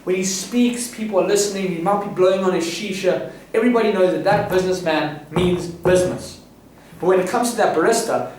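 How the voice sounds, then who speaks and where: A man's voice: high voice, a little mellow, slight background noise. A man from South Africa vlogging self-improvement advice in a boastful, self-assured way, rambling with restarts. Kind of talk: casual advice monologue. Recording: echoey room, voice distant from mic, faint room ambience.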